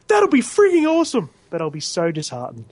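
A man co-hosting a casual podcast, cracking crude jokes with deadpan punchlines. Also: sits high, fairly quick, dry recording. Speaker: podcast co-host.

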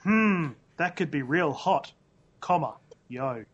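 A man reading the part of a brash, slangy male rapper in a comic read-through, flatly speaking the punctuation aloud. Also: a little high, takes it slowly, slightly rough, dull audio, exaggerated voice. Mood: deadpan. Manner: reads out punctuation deadpan.

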